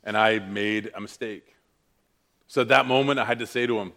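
A man preaching, telling a personal story with lively, self-mocking animation. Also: fairly low pitch, moderate pace, long pauses. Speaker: pastor. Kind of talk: sermon storytelling.

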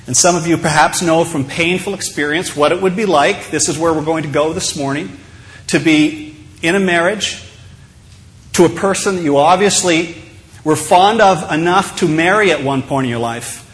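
A man's voice: a little high, moderate pace. A male pastor giving a sermon in a conversational, humorous storytelling way.

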